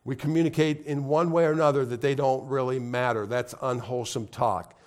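A man's voice: mid-range voice, fairly even intonation, a little fast. A man preaching a sermon to a congregation, repeating key phrases and asking the crowd to answer back. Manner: repetitive call-and-response preaching. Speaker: pastor. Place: congregation in a room.

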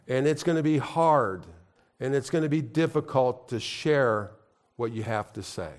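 A male pastor delivers a sermon in a mid-pitched voice. He repeats his points and keeps calling on the congregation to answer back. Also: unhurried, a little mellow. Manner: repetitive call-and-response preaching. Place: congregation in a room.

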